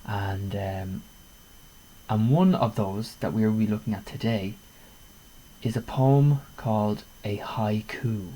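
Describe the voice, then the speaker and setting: A man's voice: lowish voice, takes it slowly, dark tone, slightly rough, low-quality recording. A man teaching a class about poetry, patiently repeating key points and often checking in with "okay?". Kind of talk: classroom lesson explaining poetry. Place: home room by a window.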